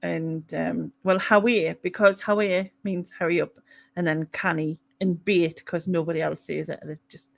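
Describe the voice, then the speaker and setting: A woman with a Mackem accent hosts a casual live chat stream. She talks loosely and warmly with a co-host, laughing often as she reads out viewer comments. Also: fairly low pitch, fairly even intonation, normal speed, gravelly. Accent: Mackem (Sunderland). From North East England.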